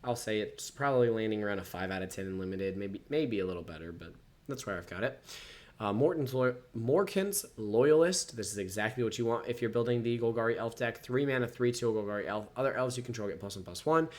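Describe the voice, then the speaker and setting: A man's voice: lowish voice, expressive, a little fast, darkish tone. A man casually reading card text aloud and rating each card out of ten, yawning now and then. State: yawning, sleepy. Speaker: card game reviewer. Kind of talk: casual set review, reading cards aloud.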